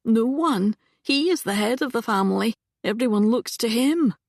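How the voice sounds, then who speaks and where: A woman's voice: on the high side, expressive, normal speed, no echo, studio quality, pitched above the performer's own voice. A woman reading an audiobook voices a distraught middle-aged aunt who talks in a trembling, pleading way. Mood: tearful.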